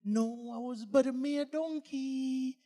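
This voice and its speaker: A man preaches in a large hall, repeating his points and hitting them with sudden loud bursts. His voice sits high for a man, and a long reverb rings around every phrase. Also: takes it slowly. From Uganda. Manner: emphatic and repetitive, with sudden bursts of loud emphasis. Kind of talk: sermon.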